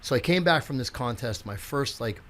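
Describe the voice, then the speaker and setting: Man in his 60s, podcast guest, mid-pitched voice, animated storytelling, acts out quotes, swears freely. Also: normal speed. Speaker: podcast guest, physical therapist and strength coach. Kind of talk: casual storytelling in a podcast chat.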